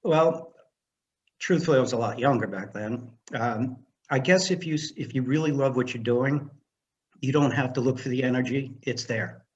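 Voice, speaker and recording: Older male guest, animated storyteller, mid-pitch voice, slightly dull lo-fi recording. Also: normal speed. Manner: animated storyteller who acts out dialogue. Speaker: guest, film director and screenwriter. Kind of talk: casual storytelling interview.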